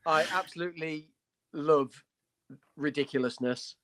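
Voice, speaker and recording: A man's voice: a little high, unhurried, a bit bright. A man co-hosting a casual hobby podcast, talking with enthusiasm, blunt jokes and playful asides. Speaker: podcast co-host.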